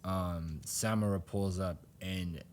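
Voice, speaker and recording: A man's voice: low voice, steady tone, takes it slowly, a little hiss or hum. A man co-hosting a podcast, casually recapping a manga chapter and acting out the characters' lines with laughter. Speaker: podcast co-host.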